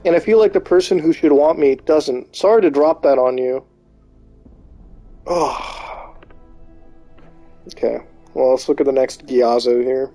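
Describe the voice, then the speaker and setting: A man's voice: mid-range voice, measured pace, long pauses, soft background music. A man streaming live, reading posts aloud and reacting with disbelief and swearing. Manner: incredulous, swearing, reacting out loud.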